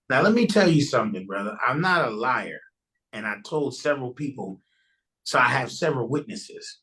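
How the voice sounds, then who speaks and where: A man's voice: mid-range voice, lively intonation, moderate pace, sharp tone, poor audio. A man guesting on a podcast, earnestly telling a personal testimony in a loose, conversational way and often restarting his sentences.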